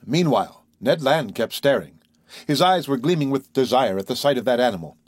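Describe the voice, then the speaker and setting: Man reading an audiobook, steady, husky, super dry close sound. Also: medium pitch, brisk, no echo. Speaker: narrator. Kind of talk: audiobook narration.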